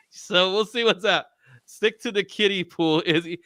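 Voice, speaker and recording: A male host in casual livestream chat, his voice high and bright. He talks with animated swings in pitch and laughs often, recorded close and dry. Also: a little slow, dry recording.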